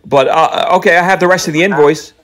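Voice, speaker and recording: A man placing a prank call in a slightly raised voice, reeling off absurd lists with a straight face. His delivery is deadpan and rambling, quietly playful. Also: a little high, quick pace. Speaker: prank caller.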